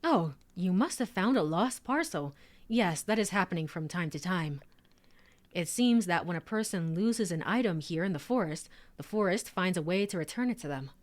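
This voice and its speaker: A woman voicing a gentle, polite male tea shop keeper from a game, speaking formally and soothingly. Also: on the low side, expressive, normal speed, close to an everyday voice. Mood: explaining. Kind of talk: reading game dialogue aloud.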